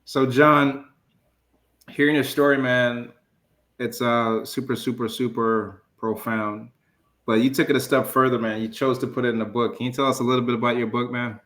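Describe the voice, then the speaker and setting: A male host who reflects on his guest's story in an unhurried way and asks him a question. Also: mid-range voice, flat delivery, a bit bright, echoey room. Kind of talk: interview questions.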